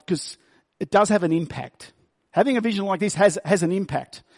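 A man preaching a sermon. He reads scripture slowly and stresses key words by repeating them. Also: on the high side, darkish tone. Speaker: pastor.

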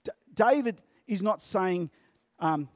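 A man preaching a sermon, speaking in a measured way and stretching key words for emphasis. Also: high-pitched, lively intonation, no echo.

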